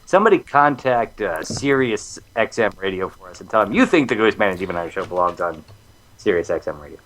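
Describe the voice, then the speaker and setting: A man's voice: lowish voice, expressive, quick pace, fairly bright tone. A man co-hosting a live radio show, joking and rambling in casual banter.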